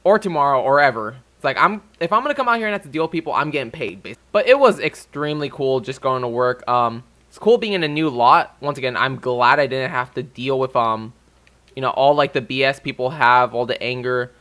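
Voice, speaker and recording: A man's voice: mid-range voice, lively intonation, fairly quick, sharp tone. A young man ranting casually to his viewers, swearing freely and getting heated. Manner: profane and heated. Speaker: vlogger. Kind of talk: casual rant.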